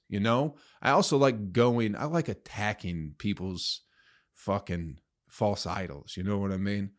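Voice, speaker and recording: A young man hosting a solo podcast, ranting crudely and sarcastically with profanity and sudden loud outbursts. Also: on the low side, normal speed. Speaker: podcast host.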